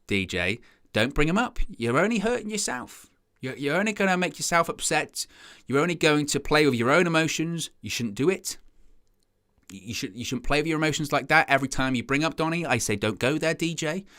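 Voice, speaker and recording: A man hosts a fan channel stream in a casual, rambling chat, reading out viewer comments. His voice is bright and animated. He slips into little imagined voices of other fans now and then. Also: medium pitch.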